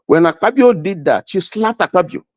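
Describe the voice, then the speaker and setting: A man's voice: on the high side, animated, normal speed, no room sound. A middle-aged man, arguing emphatically as a panel guest and repeating himself. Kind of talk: heated debate.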